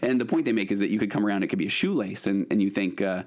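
A man's voice: lowish voice, racing, few pauses. A man in his late forties, a therapist hosting his own podcast, telling a story casually with lots of restarts and fillers. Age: 40s. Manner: animated, rambling with frequent restarts and fillers.

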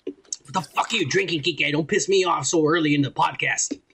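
A man with a Texan accent co-hosting a podcast in loud, profane, joking casual chat. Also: a little high, normal speed, background noise. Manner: profane, boisterous, laughing often. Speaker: podcast co-host.

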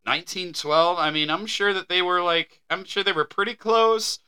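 A man's voice: sits high, moderate pace, pushed and bright, smooth. Laughing, rambling male podcast co-host. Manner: laughing, rambling, hesitant reading. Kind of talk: casual chat.

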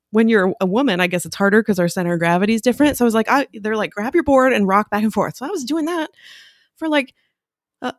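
A woman's voice: dry recording, clean studio sound. A woman on a podcast telling a story casually, acting out the lines she quotes. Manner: animated, acts out quotes with big pitch jumps. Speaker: podcast guest.

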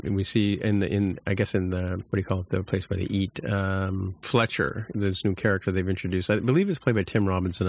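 A man's voice: low voice, dry recording. A man hosting a podcast, recapping a cartoon episode in a rambling way with lots of fillers and restarts. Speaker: podcast host.

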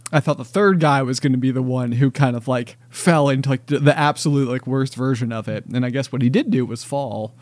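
A man's voice: medium pitch, fairly quick, few pauses, a little mellow, dry recording. Rambling man in casual chat. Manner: rambling, lots of fillers and likes.

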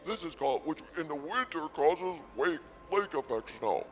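A man's voice: on the high side, expressive, moderate pace, soft background music. A man hosting a comedy podcast, rambling sarcastically and mock-boastfully about his day at a casino.

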